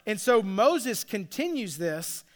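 A man's voice: sits high, sing-song, slow. A middle-aged man, a pastor, giving a conversational sermon full of asides and restarts.

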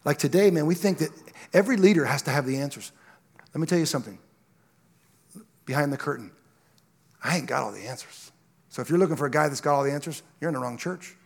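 A pastor, a man, preaching a sermon with personal stories that build into loud, impassioned exhortation. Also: fairly high pitch, fast talker, vocal fry, pauses often.

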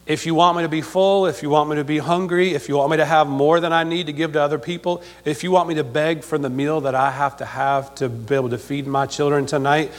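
Preacher in a reverberant church. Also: male voice, fairly high pitch, fairly even intonation, quick pace, hardly any pauses. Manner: emphatic, repeats himself, asks congregation for amen. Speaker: pastor. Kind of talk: sermon. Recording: long hall reverb.

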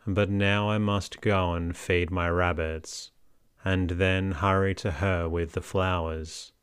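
A man reading the lines of a gentle, kind young boy prince, earnest and polite, in a storybook. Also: low-pitched, level tone, takes it slowly, clean tone, no echo, studio quality. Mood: eager.

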